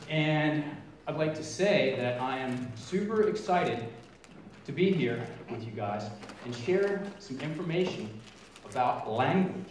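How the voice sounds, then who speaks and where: Middle-aged male speaker, emphatic and energetic, recorded live in an echoey hall with faint room noise. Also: a little high, unhurried, recorded from a distance. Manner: energetic, emphatic, stretches key words. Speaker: featured speaker. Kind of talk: live motivational presentation. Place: large event hall.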